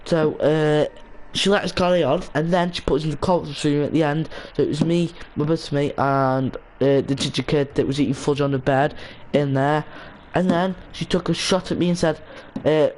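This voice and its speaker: A young man chats idly while streaming a game, drifting between half-finished thoughts and restarting his sentences. His voice sits a little high for a man. A faint hiss runs under the desk-mic sound. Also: fairly even intonation, moderate pace, a little mellow, low-quality recording. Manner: rambling, many restarts and fillers. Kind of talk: casual gaming stream chat.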